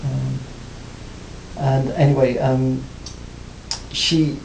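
A man being interviewed about his music career, talking reflectively with many pauses and restarts. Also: steady tone, creaky. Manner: hesitant, many restarts and "you know". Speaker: interviewee, former band cellist. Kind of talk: reflective casual interview talk. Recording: roomy, faint rumble.

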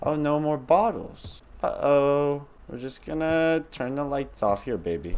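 A young man casually commentating a spooky babysitting game, joking, talking to the baby, and breaking into sudden yells. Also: mid-range voice, normal speed, slight background noise. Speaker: gaming channel host.

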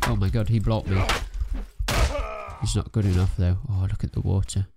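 Young guy, gravelly, low-ish, chatty let's-play commentary with keyboard clicks behind. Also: moderate pace, background noise. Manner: chatty, self-narrating, excitable bursts. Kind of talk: casual gameplay commentary.

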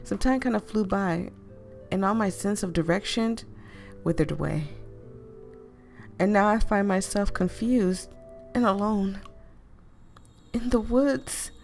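A woman reading a story game aloud to viewers, animated and expressive, swearing freely and breaking off into laughing asides. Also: mid-range voice, slow, creaky, pauses often, soft background music. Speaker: gaming video creator.

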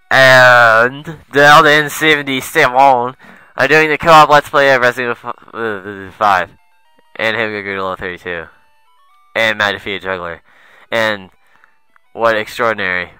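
A young man doing let's play commentary, excitable and foul-mouthed, muttering asides and then yelping at the game. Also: mid-range voice, measured pace, clean tone, no echo, faint music behind, rough recording. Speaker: gamer.

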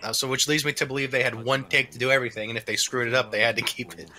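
A man with a very bright, sharp tone, talking in loose, rambling casual chat. He circles back on himself and leans on "like" as he goes. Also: mid-range voice, steady tone, racing. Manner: rambling, many restarts and "like". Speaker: let's play commentator.

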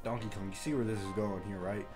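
A young man giving crude live commentary on a party video game, muttering complaints under his breath, then yelling and trash-talking the computer players. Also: lowish voice, fairly even intonation, quick pace, over music. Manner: crude trash talk, swinging from mumbled grumbling to yelling. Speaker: gaming YouTuber.

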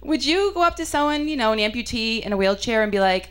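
A young woman performs a stand-up set in a slightly high, clear and resonant voice with a fairly bright tone. She talks fast and chattily with lively intonation, mocking herself and landing her lines with punchy asides.

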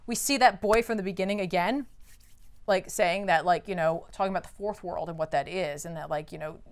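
A woman's voice: on the low side, fairly quick, clear, resonant tone. A woman co-hosting a podcast, recapping a comic book in casual chat with many filler words. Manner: chatty, lots of "like" fillers. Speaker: podcast co-host.

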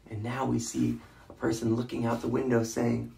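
A man, a literacy educator, reads a picture book aloud to children in an expressive, interactive way, inviting them to join in. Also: mid-range voice, creaky, roomy sound. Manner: slow, expressive, prompts listeners to join in with animal sounds.

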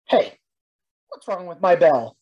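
A woman's voice: fairly low pitch, big pitch swings, slow pace, slightly rough, dull audio, full character voice. A woman voicing a flustered old bell ringer who mutters in puzzlement in a storybook reading. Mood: puzzled.

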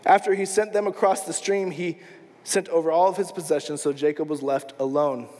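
A man's voice: on the high side, fairly even intonation, brisk, a little mellow. A man preaching a sermon as pastor, retelling a story casually and acting out the quoted lines. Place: church sanctuary. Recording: long church reverb.

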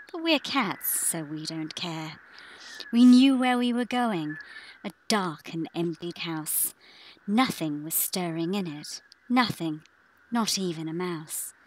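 A woman's voice: on the low side, a little hiss or hum, poor audio. Woman telling a spooky rhyming tale. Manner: playful, hushed spooky whispers. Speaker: storyteller voicing the cat Sweep. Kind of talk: rhymed bedtime story narration.

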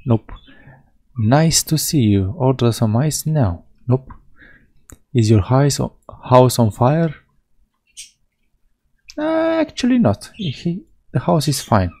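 A man's voice: mid-range voice, big pitch swings, slow, gravelly, long pauses, warm tone, poor audio. A man narrating a video game playthrough, reading the game's lines aloud in a playful way. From Europe. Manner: playful, reads in-game dialogue with mock voices. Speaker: gaming video host. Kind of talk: Let's Play commentary, reading game text aloud.

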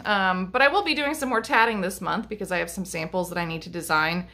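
Against a noisy background, a middle-aged woman with a lowish voice talks fast to camera about her lace-making. She's a vlogger and teacher showing her crafts in a casual, rambling chat full of ums and restarts.

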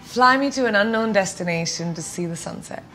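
A woman in her thirties from India, giving playful, chatty quick-fire answers in an interview at home. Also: medium pitch, lively intonation, a bit bright, faint music behind. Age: 30s. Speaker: celebrity guest. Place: indoors at home.

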